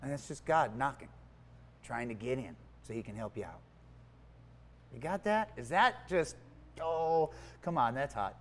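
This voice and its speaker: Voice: medium pitch, unhurried, long pauses. A preacher giving a conversational sermon, explaining word meanings and asking the listeners questions. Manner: animated and conversational, swinging from quiet asides to emphatic exclaims; teaches word meanings and asks the audience questions.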